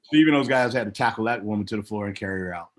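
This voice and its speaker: A middle-aged former wrestler, a man, telling stories in a casual interview, acting out other people's lines with big jumps in his voice. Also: very fast. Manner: animated storyteller, acts out quotes with big pitch jumps. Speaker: guest, former pro wrestler.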